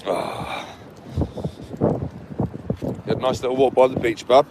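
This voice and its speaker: A gravelly, slow-talking man vlogs on a windy seafront, shouting out silly chants and daft accents. He talks at a higher pitch than most men. Heavy wind buffets the phone mic throughout. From England. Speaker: vlogger. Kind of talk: windy seaside vlog. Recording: loud wind noise on the mic.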